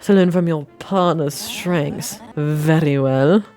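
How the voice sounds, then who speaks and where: A woman's voice: deep voice, mellow, faint music behind. A woman putting on a poised, refined young woman. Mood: brisk, assured.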